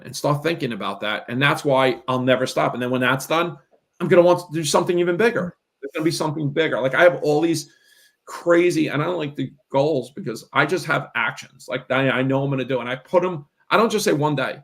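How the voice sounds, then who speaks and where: A middle-aged man with a gravelly voice gives a motivational talk over a live video call. He talks emphatically and keeps checking in with "right?". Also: a little high, brisk. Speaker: real estate coach.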